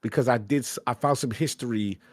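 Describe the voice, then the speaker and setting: A man's voice: medium pitch, brisk, dry recording, studio quality. A man co-hosting a podcast, laid-back and slangy, talking casually about games. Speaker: podcast co-host.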